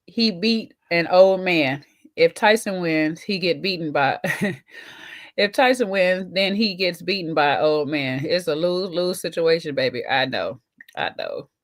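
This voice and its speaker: A woman, co-hosting a casual chat show, talking to viewers while eating, with teasing asides. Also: lowish voice. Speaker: podcast co-host.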